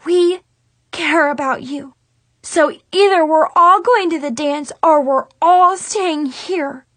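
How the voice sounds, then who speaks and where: Woman playing a loud, showy teen girl pal, very high, dry sound. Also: slow, no room sound. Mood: earnest. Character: peppy, outspoken teenage girl best friend.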